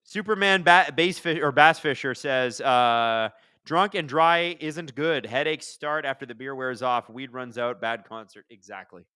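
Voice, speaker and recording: A man hosts a live hockey watchalong, rambling through stories and chatting with his viewers, then snapping back to call the plays. His voice is bright and forceful, recorded close and dry with no room sound. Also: mid-range voice, measured pace, clean tone, dry recording. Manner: rambling, chatty, jumps from storytelling to excited play calls. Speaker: livestream watchalong host.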